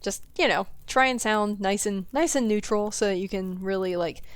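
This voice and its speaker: Southern gal streaming a game, talks chat, laughs lots, says like a ton, smooth clean voice. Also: female voice, mid-range voice, normal speed, dry recording. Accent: Southern US, mostly suppressed. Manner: chatty, giggly, answers chat, many "like" fillers. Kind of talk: casual gameplay chat with viewers.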